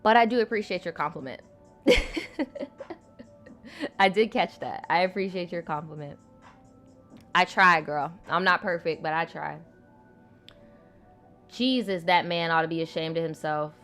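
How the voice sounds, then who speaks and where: A woman's voice: lowish voice, moderate pace, long pauses, fairly bright tone, soft background music. A woman in her twenties reading viewer stories aloud and reacting to them in a blunt, profane, slangy way. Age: 20s. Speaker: host.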